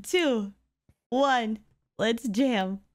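A woman's voice: fairly high pitch, very slow. A woman hosting an improv comedy stream, bubbly and playfully apologetic. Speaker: host.

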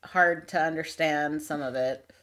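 A woman with a lowish voice chats casually as a book club podcast co-host. She walks through the story scene by scene, now and then slipping into quick quoted lines from the characters. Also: fairly even intonation, fairly bright tone. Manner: recaps plot with quick mock quotes of characters.

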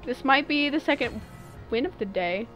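A woman's voice: high-pitched, lively intonation, moderate pace, a bit bright, faint music behind. A young woman streaming a game live, chatting playfully with her viewers while she plays. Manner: playful, chatty, talks to chat. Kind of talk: live gameplay commentary.

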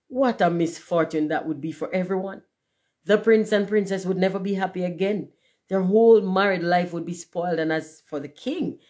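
A woman's voice: on the low side, a little mellow, close to an everyday voice. Woman reading as a stuck-up firework rocket, haughty and self-pitying, storybook voice. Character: pompous, self-important male firework rocket.

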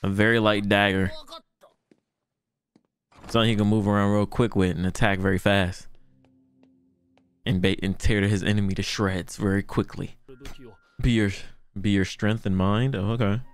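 A young man hosting a casual anime reaction, excitable and slangy, laughing often and breaking into delighted shouts. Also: on the low side, moderate pace, pauses often, clear, resonant tone, soft background music.

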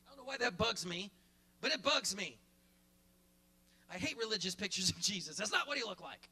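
A male pastor preaching a sermon in church, repeating his phrases and building to shouts, then dropping into quick quiet asides. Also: sits high, lively intonation. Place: church sanctuary.

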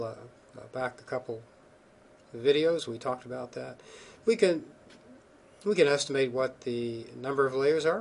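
A man's voice: medium pitch, creaky. A man giving a recorded geophysics lecture over slides, informal and thinking aloud, with many ums and restarts.

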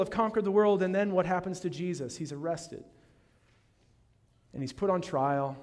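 A male pastor preaching a sermon in a dramatic way, swinging from loud proclamation down to a hushed near-whisper. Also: sits high. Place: church sanctuary. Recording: long reverb of a large church hall.

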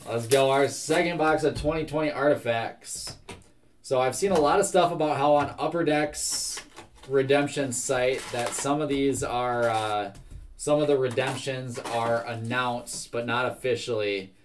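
A young man running a live card break, rattling off trading cards at a steady clip. His voice sits at an ordinary middle pitch, and he keeps the talk relaxed and chatty between the cards. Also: slight background noise. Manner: brisk, reads out card after card.

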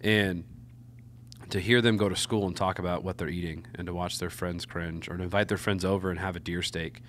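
Man, thirties, podcast guest, wild game chef, very deep voice, animated storyteller. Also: a little fast, a little hiss or hum. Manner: lively storyteller who acts out the voices in his stories. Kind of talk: casual podcast conversation.

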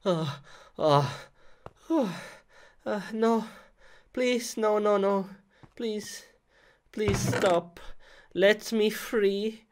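A woman's voice: medium pitch, steady tone, extremely slow, pauses often, darkish tone, a little hiss or hum. A woman in a comic game skit who begs in frantic, pleading cries.

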